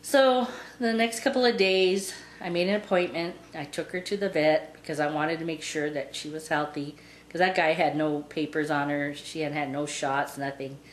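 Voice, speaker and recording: A woman's voice: low-pitched, steady tone, moderate pace. A woman telling a long story about her pet in a casual, rambling way, with lots of "and, uh" fillers. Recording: roomy with faint background noise.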